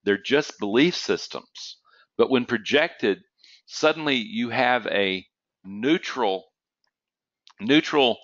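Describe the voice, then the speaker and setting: This is an online lecture on trading psychology, delivered by a man with a medium-pitched, fairly bright voice. He tells stories casually, keeps asking "okay?", and coughs once in a while. The audio is dull but has no echo.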